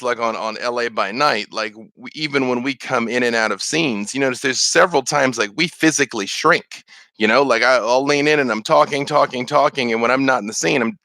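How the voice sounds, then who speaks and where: A man's voice: medium pitch, bright, forceful tone, no room sound. A man answering viewer questions on a casual live stream, rambling with many fillers and restarts. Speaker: streamer and game master.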